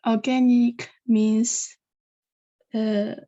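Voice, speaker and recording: A woman student answering her lecturer over a video call in hesitant, halting bits. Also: fairly high pitch, little pitch movement, mellow, highs cut off. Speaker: university student.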